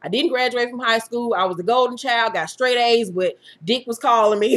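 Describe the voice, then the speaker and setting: A woman's voice: on the high side, fairly even intonation, normal speed, few pauses, a bit bright, slight background noise. A woman in her thirties, a YouTube host, telling her viewers her own story in a frank, profane way and laughing through the hard parts. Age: 30s. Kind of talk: candid personal storytelling to viewers.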